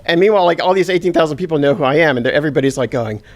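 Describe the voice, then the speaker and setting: A man telling a humorous personal story on stage to a live audience, with a self-deprecating, animated delivery. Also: fairly high pitch, very fast, a little hiss or hum.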